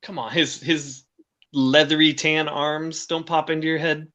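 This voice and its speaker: A man's voice: fairly high pitch, little pitch movement, unhurried, pushed and bright. A man co-hosting a podcast, chiming in with silly jokes. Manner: joking, chimes in with silly lines. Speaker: podcast co-host. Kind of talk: casual banter.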